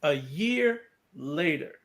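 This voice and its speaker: A man's voice: a little high, animated, slow pace, a bit bright. A man joining a casual livestream, chatting and retelling a news story in a matter-of-fact way. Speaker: livestream guest.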